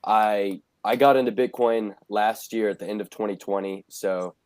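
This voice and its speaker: A man's voice: fairly low pitch, steady tone, moderate pace, noisy background. A young man, a podcast guest, talking casually and plainly. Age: young adult. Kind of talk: casual chat.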